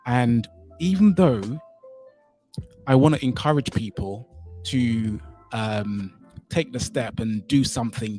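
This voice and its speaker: A man from Saint Kitts and Nevis hosts a casual live stream, thinking aloud and rambling as he adjusts his settings. His voice is mid-range with a warm tone, and faint music plays behind him.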